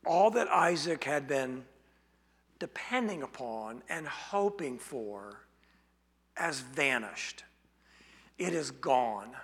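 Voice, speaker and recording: A man preaching an expository sermon, speaking slowly and deliberately and asking rhetorical questions. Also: mid-range voice, sing-song, vocal fry, a bit bright, breathy edge. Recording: long hall reverb.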